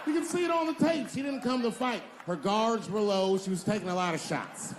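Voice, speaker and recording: A man's voice: high voice, animated, fairly quick, a little hiss or hum. A male stand-up comedian telling stories in a profane, conversational way with punchy emphasis.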